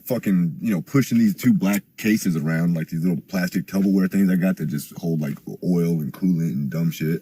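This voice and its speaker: A young man telling a rambling, profane story in casual chat, getting louder and higher as he gets worked up. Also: breathy edge, no echo.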